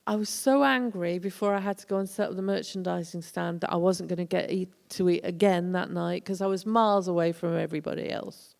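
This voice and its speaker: Speaking fairly quickly with few pauses, a woman with a lowish, darkish, steady voice and some vocal fry recounts her tour-manager days. It's a casual, chatty lecture in an echoey college hall, where she acts out the voices she quotes.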